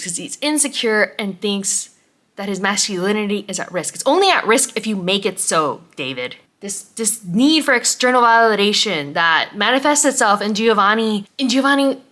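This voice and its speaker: A young woman vlogging about a book she loves, tearful and halting, often dropping to a whisper as she fights back crying. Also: medium pitch, lively intonation, fairly bright tone. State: close to crying. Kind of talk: emotional book reaction.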